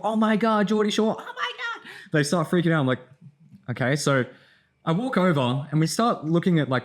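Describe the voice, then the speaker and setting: A tired young man in a casual vlog, telling a rambling story with lots of fillers and swearing. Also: a little high. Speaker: content creator.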